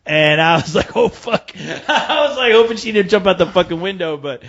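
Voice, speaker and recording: A man telling a long, profane story in a casual podcast chat, animated and laughing as he goes. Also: high-pitched, moderate pace. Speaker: co-host. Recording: dull lo-fi podcast audio.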